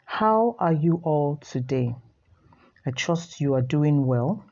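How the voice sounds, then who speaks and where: A woman teaching an online class from home, measured and repeating key words for her students. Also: low voice, expressive, warm tone, dull audio. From Nigeria.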